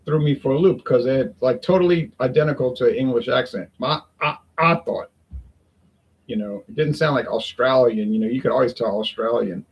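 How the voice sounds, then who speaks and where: Casting: gravelly, husky-voiced man, rambling folksy vlog chat at home. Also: mid-range voice, normal speed, highs cut off. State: sweating in the heat. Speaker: beer review vlogger. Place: home in Toronto, windows open.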